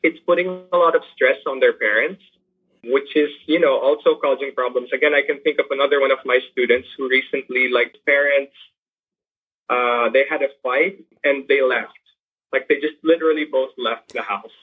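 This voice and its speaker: A man's voice: medium pitch, steady tone, husky. Earnest man on a tinny phone line. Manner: earnest, halting, many restarts and fillers. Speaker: teacher working with poor youth. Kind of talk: interview over a remote line. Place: lives in Manila.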